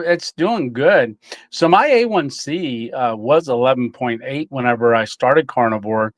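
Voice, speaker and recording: A middle-aged man chats loosely on a livestream, his talk full of "uh"s and easy chuckles. His voice sits at an ordinary pitch. The sound is dry and close, with no room around it. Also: dry recording. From Tennessee, USA. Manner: rambling, chuckling, many fillers. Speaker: livestream host. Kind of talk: casual live chat reading comments.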